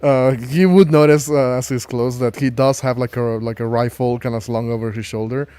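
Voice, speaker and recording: Man, game master narration, hesitant, mellow dark tone. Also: medium pitch, steady tone, moderate pace, clear, resonant tone, no echo. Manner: hesitant, lots of fillers.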